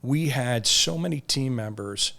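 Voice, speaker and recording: A man in a mid-range voice, a company CEO, answering podcast questions with upbeat, earnest enthusiasm. He explains his business clearly, like a practiced pitch. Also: expressive, unhurried, bright, forceful tone. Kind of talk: interview answers.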